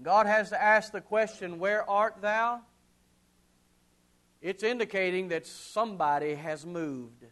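A man preaching a sermon, swinging from loud ringing calls to hushed low murmurs, with drawn-out emphatic repetition. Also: steady tone. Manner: slow, drawn-out emphatic delivery with repeated phrases.

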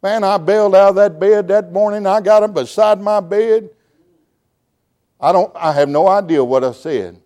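A middle-aged man, preaching a sermon and telling his testimony with emotion, shouting at times and stammering as he restarts words. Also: fairly high pitch.

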